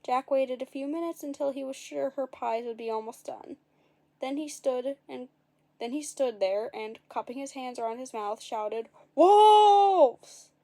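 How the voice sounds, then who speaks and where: A woman's voice: sits high, steady tone, normal speed, gravelly, mellow. A woman reading a storybook aloud in a casual way, adding wry, dry asides and fixing her own slips as she goes. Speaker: narrator.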